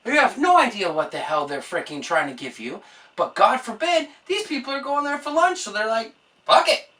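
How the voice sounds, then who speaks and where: Bright-voiced woman on a profane rant. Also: on the high side, sing-song, fairly quick, far from the mic. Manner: exasperated, swears a lot. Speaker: vlogger.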